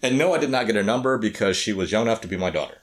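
A middle-aged podcast co-host chats casually in a low, animated voice at a racing pace. He often repeats words and restarts phrases as he thinks.

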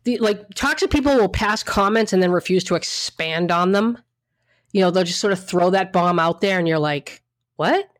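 A woman's voice: lowish voice, moderate pace, no echo, clean studio sound. A woman co-hosting a casual chat, talking frankly and emphatically with some swearing and lots of restarts. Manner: emphatic, frank, mildly profane, rambling with restarts.

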